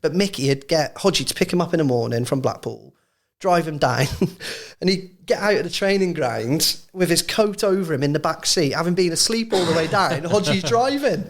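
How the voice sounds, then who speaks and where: A man chatting casually on a podcast. His voice sits a little high, and he tells his stories with animation, often breaking into laughter. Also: lively intonation, normal speed. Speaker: guest, former club physio.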